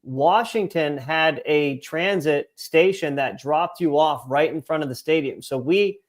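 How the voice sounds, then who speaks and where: A man's voice: fairly high pitch, unhurried. A young man co-hosting a sports podcast, telling rambling, profane stories full of fillers in casual chat. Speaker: podcast co-host.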